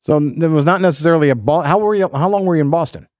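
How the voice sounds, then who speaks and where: A man's voice: fairly high pitch, racing, a little mellow, no echo, studio quality. A man hosting a podcast, asking questions loosely with restarts. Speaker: podcast host. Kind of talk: casual interview questions.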